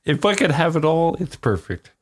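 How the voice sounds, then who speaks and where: A man's voice: fairly high pitch, very animated, normal speed. A man co-hosting a podcast, bantering crudely in casual chat. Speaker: podcast co-host.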